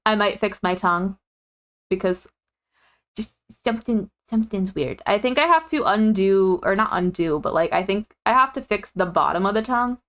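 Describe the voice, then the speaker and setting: Woman streamer, casual live chat, mid-pitched, giggly, rambling. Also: lively intonation, normal speed. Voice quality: giggly, rambling, lots of fillers and self-corrections.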